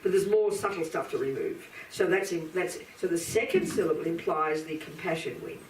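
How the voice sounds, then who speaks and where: A woman's voice: fairly low pitch, lively intonation, moderate pace, a little mellow, a little hiss or hum. Blunt woman teaching in a roomy hall. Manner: blunt, emphatic, talks straight to listeners. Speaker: Buddhist teacher. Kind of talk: live dharma lecture to an audience. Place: teaching room with audience. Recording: roomy hall from a distance, faint ambience.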